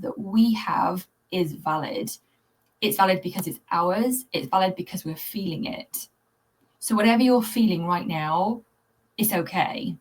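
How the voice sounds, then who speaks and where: A woman's voice: lowish voice, slightly rough. A woman hosting her own vlog, talking candidly and earnestly to viewers about a hard time. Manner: earnest, confiding, addresses viewers directly; conversational with fillers and restarts. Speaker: channel host, cat anxiety coach. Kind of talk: candid personal vlog talk to camera.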